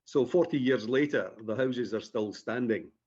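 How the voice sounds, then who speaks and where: On a muffled recording, a Scottish-accented man from Scotland chats as a radio interview guest, spinning stories full of fillers and dry humor at his own expense. He speaks at a moderate pace with a medium pitch, a darkish tone, and a slightly rough texture.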